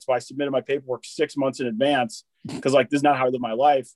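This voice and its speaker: A man's voice: mid-range voice, fairly even intonation, fast talker, no room sound. A man in his thirties, a military veteran from Wisconsin, telling a long story in casual conversation, rambling and swearing often with lots of restarts. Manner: rambling, swears freely, repeats and restarts words, says dude and bro.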